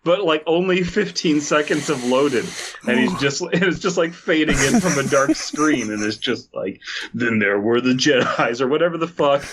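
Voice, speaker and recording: A man's voice: on the high side, normal speed, noisy background. A man co-hosting a casual podcast, telling rambling, profane stories full of restarts. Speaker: podcast co-host. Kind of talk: casual chat.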